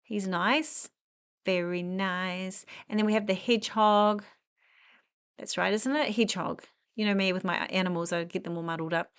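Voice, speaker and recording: A woman's voice: medium pitch, fairly even intonation, moderate pace, a bit bright, clean tone. A woman with a mid-range voice talks her way through a big furniture store. She is chatty and enthusiastic and keeps drifting into asides. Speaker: home decor vlogger. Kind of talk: casual walk-through chat. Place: inside a large furniture store.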